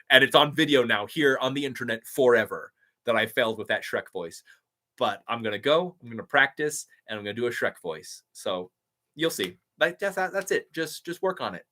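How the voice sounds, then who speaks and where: A man's voice: medium pitch, lively intonation, normal speed, sharp tone. A young man chatting casually on a live stream, reading out viewer comments and thanking people. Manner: upbeat, reads chat comments aloud and thanks viewers. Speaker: YouTube impressionist answering live chat.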